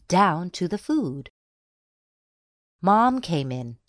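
A woman reading a children's storybook aloud, slow, deliberate and expressive. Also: on the low side, no room sound, clean studio sound. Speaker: narrator.

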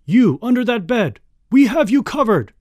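A man voicing a stern adult police commander who shouts orders in a children's story. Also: very high-pitched, very animated, moderate pace, no echo, clean studio sound, voice pushed up. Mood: commanding.

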